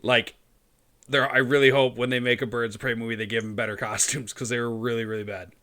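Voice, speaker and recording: A man with a bright, forceful voice trades crude jokes on a casual podcast. He is loud and banters freely. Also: mid-range voice, flat delivery, fast talker. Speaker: podcast co-host. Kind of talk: casual chat.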